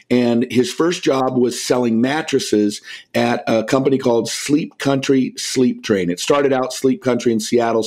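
A middle-aged man with a warm, mellow voice shares a story during a podcast interview. He is a lively storyteller who acts out the lines of the people in it. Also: medium pitch. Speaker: podcast guest.

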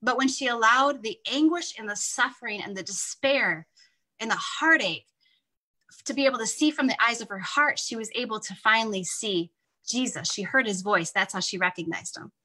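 Woman, Bible study leader, bright and slightly high, earnest conversational devotional teaching. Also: low-quality recording.

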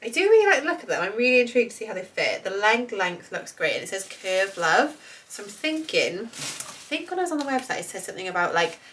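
Chatty, slightly hoarse British woman vlogger. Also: mid-range voice, very animated, fast, fairly bright tone, slight background noise, rough recording. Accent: British English. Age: 30s. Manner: chatty, rambling, enthusiastic, many fillers. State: slightly hoarse, recovering from illness. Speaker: fashion vlogger. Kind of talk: casual try-on haul chat.

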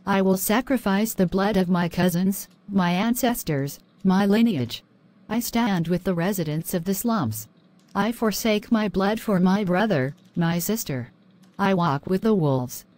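A woman's voice: medium pitch, unhurried, a little mellow, lightly acted. A woman voicing a defiant female overseer of a crusade in an audio drama, speaking in solemn, declamatory vows.

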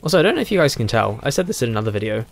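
Hoarse, lively male game commentator. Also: medium pitch, racing. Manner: animated, thinking aloud, chuckling. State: hoarse, frog in throat. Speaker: game streamer. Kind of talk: casual let's play commentary.

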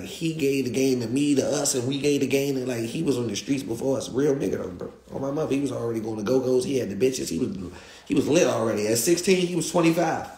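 A man's voice: medium pitch, echoey room. Young DC man telling a street story. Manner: animated, slangy, repeats himself. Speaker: guest.

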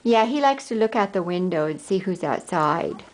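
A woman's voice: fairly low pitch, animated, moderate pace, darkish tone, a little hiss or hum, poor audio. An older woman, a grandmother, chatting on the phone in a casual home video while coaxing her dog in a sing-song voice. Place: indoors at home, house rooms.

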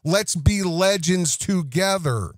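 A man's voice: high-pitched, expressive, slow, no echo. A man putting on the voice of a gushing, fake-naive grown man who acts brand new to microphones, in exaggerated folksy gee-whiz talk. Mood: mocking.

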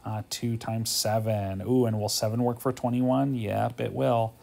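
A man's voice: fairly low pitch, little pitch movement, unhurried, creaky, a little mellow. A man teaching a math homework walkthrough, thinking aloud in a casual way, tired and yawning, often checking in with "okay?".

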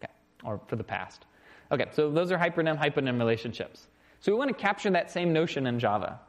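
A man giving an informal recorded programming lecture. He is lively and often checks in with "okay?" and "right?". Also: a little high, fast. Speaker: university lecturer.

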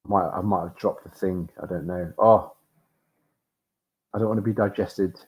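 A man's voice: low-pitched, fairly even intonation, moderate pace, a little mellow. A man streaming a retro game, narrating his play with flustered, self-mocking exclamations. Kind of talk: live gameplay commentary.

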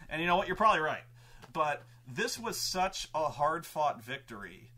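A man, host and game master, telling a tabletop campaign story in an excitable, profane way with many restarts. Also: fairly high pitch, moderate pace.

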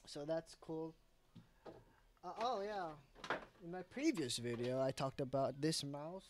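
A man's voice: fairly high pitch, takes it slowly, noisy background. A young man vlogging at his home desk setup, rambling casually with frequent restarts and self-corrections.

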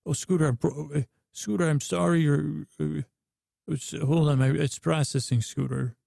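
A man voicing an apologetic male ship computer that pauses while processing and speaks gently. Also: a little high, fairly even intonation, gravelly, no echo, clean studio sound. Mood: consoling. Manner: hesitant, slow-processing, soothing.

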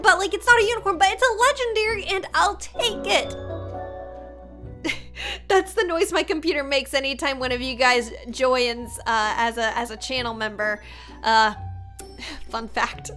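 A woman giving excited, dramatic gameplay commentary as a YouTuber, often mocking herself. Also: high-pitched. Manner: animated, dramatic, self-mocking. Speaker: gaming YouTuber.

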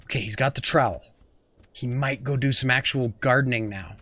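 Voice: medium pitch, brisk, fairly bright tone, no room sound. A young adult gaming host giving giggly, playful let's play commentary and often talking as the goose.

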